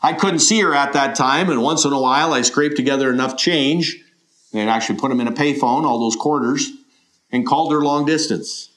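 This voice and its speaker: A middle-aged male pastor preaching a sermon at a mid-range pitch. He talks earnestly and asks his listeners questions, sometimes voicing their doubts. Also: a little fast, fairly bright tone. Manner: earnest, questioning preaching with quoted imagined voices.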